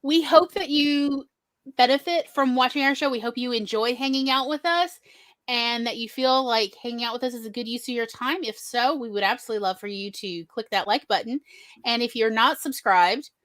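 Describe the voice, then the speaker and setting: A woman's voice: a little high, moderate pace, fairly bright tone, no room sound, studio quality. An older woman hosting an online talk show, chatting casually and asking viewers to like and subscribe. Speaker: show host. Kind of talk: casual chat.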